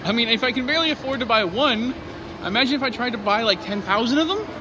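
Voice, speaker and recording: Chatty, animated young man. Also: very high voice, fast talker, noisy background. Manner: chatty, joking, animated rambling. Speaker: vlogger. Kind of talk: casual vlog chat.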